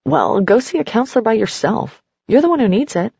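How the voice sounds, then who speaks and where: A woman's voice: a little high, animated, a little fast, gravelly, darkish tone, breathy edge, dry recording, lo-fi sound, pitched above the performer's own voice, heavily acted. Woman reading a scolding, controlling partner. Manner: curt and scolding. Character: controlling, angry partner of either sex.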